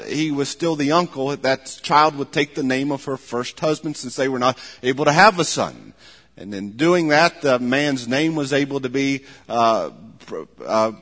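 A man preaching a sermon with a fairly high voice. He swings between loud, emphatic passages and low, quiet asides. His voice rings with a long hall reverb. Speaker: pastor.

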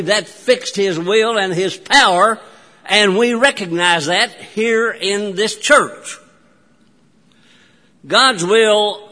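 A man preaching a sermon in a church, emphatic, with long pauses and restarts. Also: high-pitched, pushed and bright. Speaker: pastor. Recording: long church hall reverb.

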